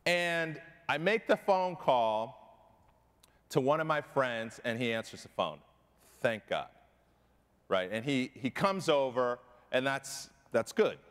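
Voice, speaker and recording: A man's voice: mid-range voice, a bit bright. A middle-aged man giving a keynote talk, telling a personal story with emphasis and often asking the audience "right?". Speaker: keynote speaker. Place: large conference hall. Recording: long hall reverb.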